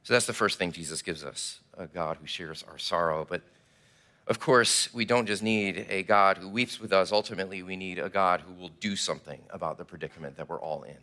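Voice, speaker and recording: A man preaching a sermon, telling the story with animated, acted-out delivery. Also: sits low, fairly quick. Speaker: pastor.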